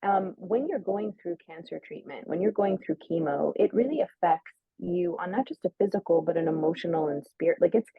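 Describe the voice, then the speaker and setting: A woman's voice: on the low side, a little fast, gravelly, hardly any pauses, husky, no room sound. A woman telling a personal story in casual chat, full of "like" and acting out quoted lines. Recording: narrow phone-like sound, dry.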